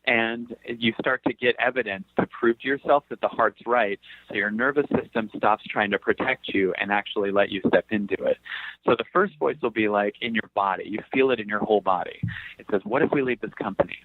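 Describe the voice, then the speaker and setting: A man's voice: lowish voice, brisk, dry recording. Man, motivational speaker, jokey, acts out voices, phone-like sound, dry. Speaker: guest speaker. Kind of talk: motivational talk.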